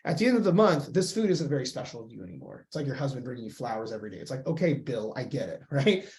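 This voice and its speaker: A man coaching on weight loss in a casual, blunt and profane way, with lively acted-out inner voices. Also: mid-range voice, fast talker.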